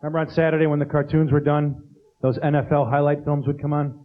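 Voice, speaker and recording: A man doing a stand-up comedy routine on a theater stage, animated and full of mimicked sounds. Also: fairly high pitch, fast talker. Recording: dull lo-fi tape with noise.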